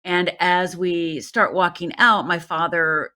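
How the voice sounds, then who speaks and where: Woman, middle-aged, from upper michigan, life coach guest, earnest storytelling, bright voice. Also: fairly low pitch, steady tone, slow pace. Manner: earnest, personal storytelling that addresses the host directly. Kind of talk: storytelling in a podcast interview. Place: Los Angeles.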